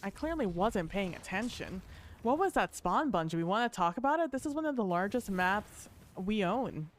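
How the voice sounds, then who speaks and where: A woman streaming live gameplay, talking to her chat in a profane, excitable way with bursts of laughter. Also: medium pitch, normal speed, slight background noise.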